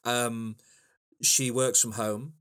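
A man's voice: mid-range voice, level tone, slow pace, fairly bright tone, clean tone. A man co-hosting a casual podcast about films, rambling with many ums and restarts. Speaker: podcast co-host. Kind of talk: casual film chat.

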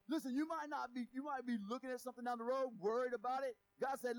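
A man preaching a sermon in a lively, conversational way, with sudden loud and quiet turns. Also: extremely high pitch, a little fast, hardly any pauses, rough recording. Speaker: pastor.

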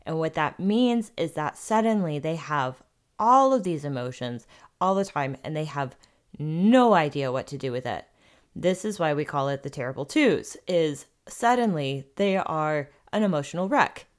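A woman with a low-pitched voice hosts a solo podcast. She talks in an earnest, conversational way, sharing parenting advice drawn from raising her own kids. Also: lively intonation, normal speed. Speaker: podcast host.

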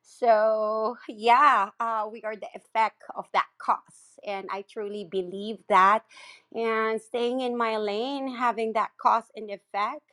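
A woman who works as a chakra healer, sharing in an earnest, spiritual way with many pauses. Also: a little high, steady tone, sharp tone. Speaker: chakra healer speaking in an audio room. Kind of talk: heartfelt casual sharing.

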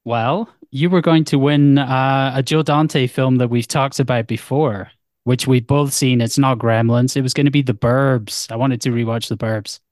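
A man's voice: medium pitch, steady tone, normal speed, darkish tone, no echo, clean studio sound. A man co-hosting a film podcast, rambling and self-mocking in casual chat. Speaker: podcast co-host.

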